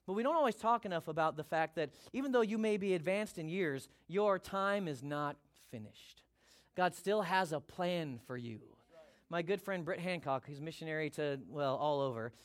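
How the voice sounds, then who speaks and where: A man preaching a sermon as pastor, energetic and emphatic, repeating his key points. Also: high voice.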